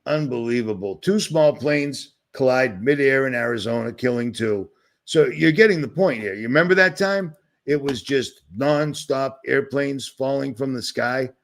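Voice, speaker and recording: Gravelly, sarcastic man ranting on a livestream. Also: medium pitch, normal speed. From Boston. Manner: sarcastic, agitated, rambling. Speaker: livestream host.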